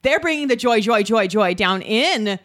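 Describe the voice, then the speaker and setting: A woman's voice: a little high, animated, moderate pace, fairly bright tone. A woman co-hosting a podcast in casual banter, speaking hesitantly and uneasily, often trailing off. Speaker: podcast co-host.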